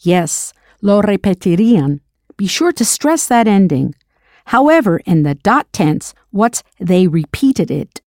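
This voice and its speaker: A woman's voice: on the low side, sing-song, measured pace, darkish tone, no echo, clean studio sound. A woman narrating a scripted audio language lesson as the teacher. She patiently prompts drill questions and then confirms the answers.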